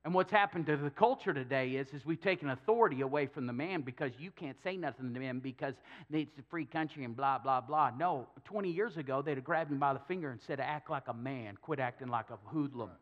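A man preaches in a church, retelling scripture with humor and playing out the characters' lines. His voice sits a little high. The recording is dull and lo-fi, with the top end muffled. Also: quick pace, few pauses. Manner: storytelling with humor, acting out quotes. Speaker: pastor. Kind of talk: sermon.

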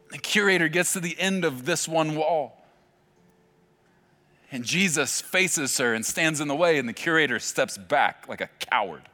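A male pastor preaching a sermon, telling a vivid story with dramatic pauses. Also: high-pitched, sharp tone. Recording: long hall reverb with faint music. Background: faint music.

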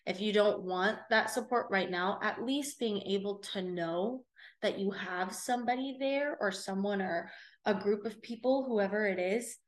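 Young socal woman telling her story, earnest and thoughtful, goes soft and quiet a lot. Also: medium pitch, measured pace. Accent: Southern Californian. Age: young adult. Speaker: guest, host's daughter. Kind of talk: personal storytelling.

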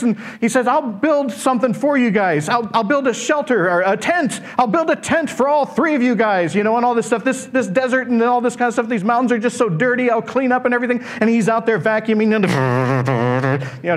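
A man preaching a sermon, telling stories with animated acted-out voices and hushed whispers. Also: high voice. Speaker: pastor.

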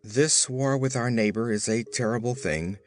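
A man voicing a worried one-legged hopper woman in a storybook, speaking gravely. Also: medium pitch, moderate pace, soft background music, natural voice.

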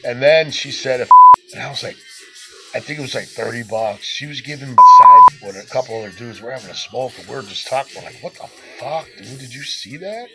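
A man's voice: mid-range voice, wildly swooping pitch, a little fast, loud music behind the voice, poor audio. A man casually telling a crude party story on a podcast, swearing and laughing as he goes. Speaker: podcast co-host.

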